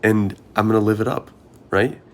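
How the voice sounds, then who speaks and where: A man's voice: lowish voice, steady tone, normal speed. A young man, a marathon runner, talking through his thoughts in an earnest, rambling vlog monologue, often asking himself questions.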